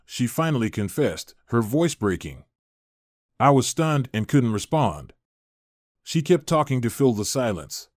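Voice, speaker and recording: A man narrating a first-person story in a steady, expressive reading. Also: mid-range voice, measured pace, no room sound, clean studio sound.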